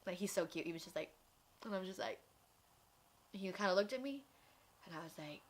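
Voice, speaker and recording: Young adult woman, candid personal storyteller, animated, acts out the voices she quotes. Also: medium pitch, brisk. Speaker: vlogger.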